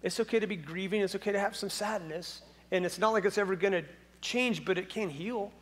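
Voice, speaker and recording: In a church sanctuary with a long reverb tail, a man gives a sermon in a high voice at a slightly fast pace. He talks conversationally, poses many questions to the audience, and adds touches of humor.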